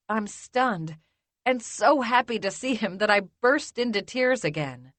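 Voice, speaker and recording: A woman narrating a first-person romance audiobook in a measured, intimate way. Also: a little high, expressive, a bit bright, no echo.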